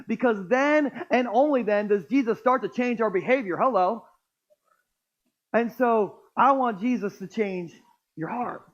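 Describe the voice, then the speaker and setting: A man's voice: very high-pitched, normal speed, lo-fi sound. A man preaching a sermon as pastor in a church, joking with the congregation. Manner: joking, playful, crowd-engaging. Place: church auditorium.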